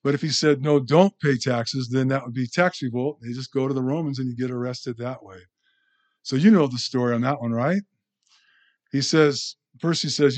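A man's voice: medium pitch, fairly even intonation, moderate pace, a little mellow. A man teaching a sermon in a conversational way, often asking the audience questions. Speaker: pastor.

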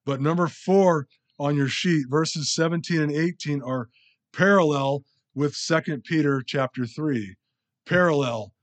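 A man's voice: fairly high pitch, measured pace. A man preaching a casual, conversational Bible-study sermon, self-deprecating and often restarting his sentences. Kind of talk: sermon teaching.

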